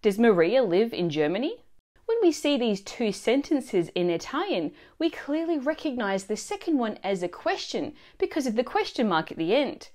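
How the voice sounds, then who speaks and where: A woman narrating a scripted language lesson in a clear, expressive teaching manner. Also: on the high side, normal speed. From Australia.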